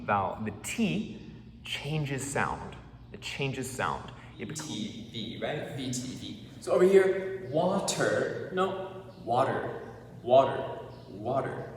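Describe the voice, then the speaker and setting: A man teaching English pronunciation to a class, demonstrating sounds by slowly repeating words and often checking that his students follow. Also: medium pitch, a little hiss or hum. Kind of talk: classroom lesson. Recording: echoey hall from far off.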